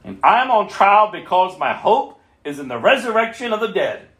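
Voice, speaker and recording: A man preaching a sermon and reading scripture aloud, swinging between loud bursts and soft asides. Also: high voice, sing-song, moderate pace, reverberant.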